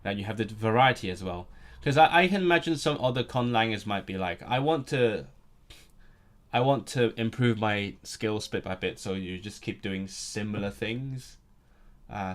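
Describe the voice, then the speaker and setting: A man chatting casually on a live stream, rambling and restarting his sentences often. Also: on the low side. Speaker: language streamer.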